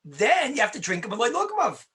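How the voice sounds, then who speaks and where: Bright-voiced rabbi giving an emphatic lecture. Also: male voice, extremely high pitch, wildly swooping pitch, a little fast. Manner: emphatic, repeats points, asks and answers his own questions. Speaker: rabbi teaching halacha. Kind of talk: conversational Torah lecture.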